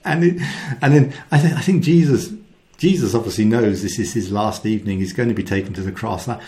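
Gravelly-voiced man giving a devotional talk. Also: fairly low pitch, brisk. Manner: animated storytelling, acts out quotes; drops to soft hushed voice for key lines. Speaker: Christian speaker.

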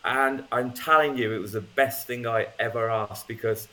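A man's voice: mid-range voice, fairly even intonation, normal speed, sharp tone. A man speaking as a guest, telling his personal testimony in a casual storytelling way, with frequent ums and restarts.

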